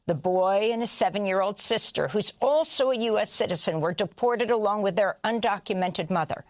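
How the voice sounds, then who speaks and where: A woman news anchor reading a broadcast report in a measured, formal way. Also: mid-range voice, no room sound.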